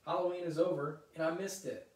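A man's voice: medium pitch, fairly quick, heavy reverb, recorded from a distance, lightly acted, poor audio. A man doing a fed-up little girl.

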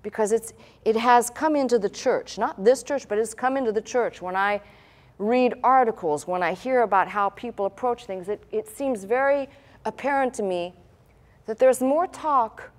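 A woman's voice: fairly high pitch, moderate pace. A woman pastor delivering a sermon in a conversational style, with rhetorical questions and asides.

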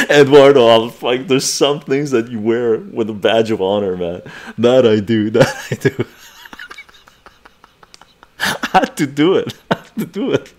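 A man in his forties, a live stream host, telling a story casually, laughing often and swearing freely. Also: medium pitch.

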